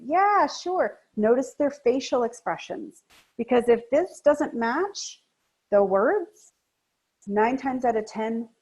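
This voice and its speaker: A woman coach giving a training presentation in a lively, emphatic, conversational way. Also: slightly rough, poor audio. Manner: high-energy, emphatic talker.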